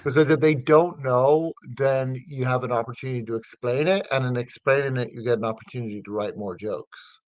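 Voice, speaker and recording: A middle-aged man from the north of Ireland speaks with a Northern Irish accent, easy and conversational, circling his points with fillers and false starts. His pitch sits in an ordinary middle range. The sound is dry and close, with no room around it. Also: fairly even intonation, fairly quick, hardly any pauses, dry recording, dull audio. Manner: rambling, with many fillers and restarts. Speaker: comedian guest. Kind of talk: casual interview chat.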